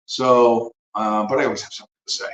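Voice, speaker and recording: A man's voice: mid-range voice, little pitch movement, fairly quick, fairly bright tone, echoey room, dull audio. Profane rambling male livestream host. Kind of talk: casual rambling commentary.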